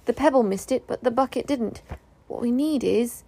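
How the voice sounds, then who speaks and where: A woman's voice: on the high side, normal speed, warm tone, breathy edge. A woman voicing a sensible, decisive young boy in a storybook reading. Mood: leading.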